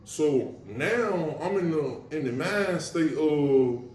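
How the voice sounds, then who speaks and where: A man on his own show, telling a story from his past in a casual, slangy, profane way with wry humor about dark memories. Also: fairly high pitch, animated, slow, roomy sound, far from the mic, slight background noise. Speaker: podcast host recounting his past.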